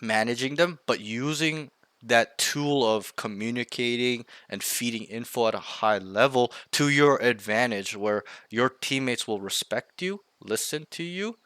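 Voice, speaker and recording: Bright-voiced man coaching in plain chat. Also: mid-range voice, no echo. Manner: rambling, emphatic, swears casually, acts out callouts. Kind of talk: casual coaching over voice chat.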